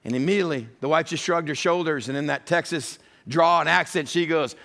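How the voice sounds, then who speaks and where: A man's voice: fairly high pitch, a little fast, few pauses, a bit bright. A middle-aged male pastor preaching a sermon with emphasis, often voicing God's words as quotes.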